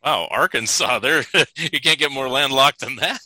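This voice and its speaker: A man's voice: medium pitch, a little slow, sharp tone, no room sound, rough recording. A man from California hosting a casual chat, asking questions and laughing often.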